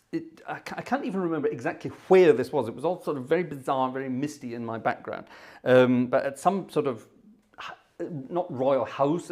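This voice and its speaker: A man's voice: mid-range voice, a little mellow. Rambling man telling a concert anecdote. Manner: rambling, filler-heavy, self-interrupting. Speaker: concert organist and host. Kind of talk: live storytelling anecdote.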